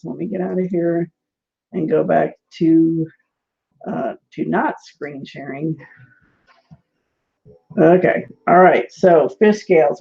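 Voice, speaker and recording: A woman's voice: lowish voice, creaky, warm tone. A woman teaching a casual online tarot class, talking in a rambling, chatty way with lots of "like"s and frequent laughs. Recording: dull lo-fi webinar audio.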